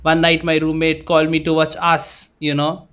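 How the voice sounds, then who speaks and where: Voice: mid-range voice, completely flat delivery, normal speed, fairly bright tone, clear, resonant tone. Blunt, swearing young podcast co-host. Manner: blunt, swears a lot, bursts into laughing shrieks. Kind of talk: casual chat.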